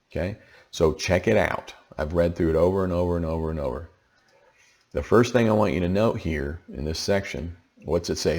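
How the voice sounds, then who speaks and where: A man with a very low, gravelly voice walks through a tax lesson in a loose, conversational way. He sounds tired from the late hour. He keeps pausing to ask "okay?" as he explains. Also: a little mellow. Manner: conversational, checks in with frequent "okay?". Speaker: tax educator.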